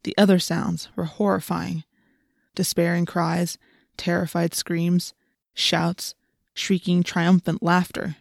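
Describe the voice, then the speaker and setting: A woman's voice: fairly low pitch, level tone, slow pace, gravelly, dry recording. Woman reading an audiobook, dry and close. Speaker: audiobook narrator. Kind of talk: first-person audiobook narration.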